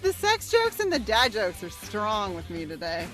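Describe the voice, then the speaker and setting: A woman co-hosting a podcast in casual chat, animated and laughing often. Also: mid-range voice, over music. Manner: animated, laughing, quick asides. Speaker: podcast co-host.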